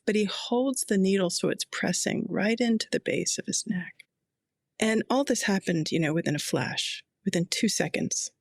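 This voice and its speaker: A middle-aged woman chaplain recounting a personal story in a slow, reflective, quietly intense way. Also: fairly low pitch, dry recording, clean studio sound.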